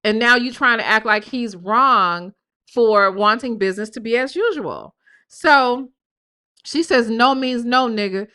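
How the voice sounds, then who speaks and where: A woman's voice: fairly high pitch, a little slow, bright, forceful tone, smooth. A woman streamer giving sassy, mocking commentary while reading out text messages on a live stream. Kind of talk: casual gossip commentary.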